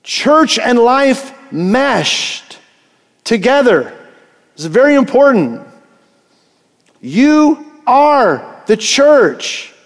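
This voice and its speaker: A middle-aged male pastor preaching a sermon in an animated way, asking his listeners questions and rising to near shouts. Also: very high voice, drawn-out words, long pauses. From Eastern Kentucky. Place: large church sanctuary. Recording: long reverb of a big hall.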